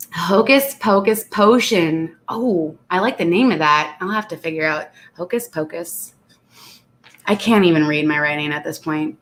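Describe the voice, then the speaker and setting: Woman streamer, lowish voice, chatty and laughing, stuffy nose, casual reading of viewer chat. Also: fairly bright tone. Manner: chatty, laughs often, reads comments aloud. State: congested. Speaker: channel host reading live chat.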